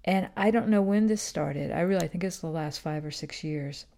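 A woman's voice: lowish voice, normal speed, creaky, dark tone. A woman in her fifties hosting a podcast, talking in a casual, meandering way full of fillers and restarts. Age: 50s. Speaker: podcast host. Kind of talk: casual rambling monologue.

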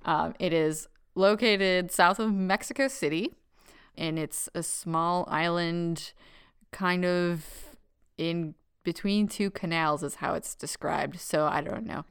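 Young woman podcast co-host, lowish smooth voice, giggly and rambling, casual chat. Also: fairly even intonation, slow.

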